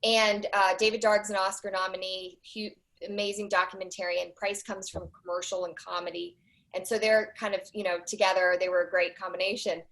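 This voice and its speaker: A woman in her forties, a documentary producer, chatting as a guest on a podcast with animated storytelling and quick asides. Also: medium pitch, rough recording. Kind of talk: casual interview chat.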